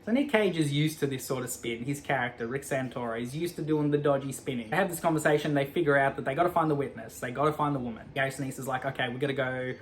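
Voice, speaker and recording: A man giving a casual, animated film recap, acting out the characters' lines as he goes. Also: mid-range voice, fast, few pauses. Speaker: movie recap commentator.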